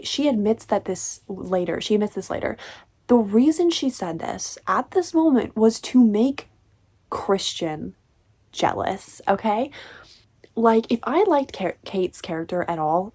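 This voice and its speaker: Young woman, husky-breathy, mid-pitched, sarcastic book-review vlogger who drops into whispered asides. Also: darkish tone. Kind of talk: casual ranting book review vlog.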